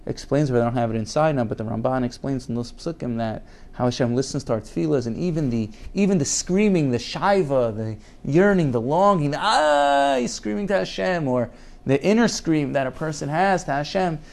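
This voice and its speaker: A man's voice: medium pitch, brisk, vocal fry, darkish tone. Earnest man teaching a Torah class. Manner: earnest, repeats words for emphasis; reads Hebrew quotes aloud and then translates them.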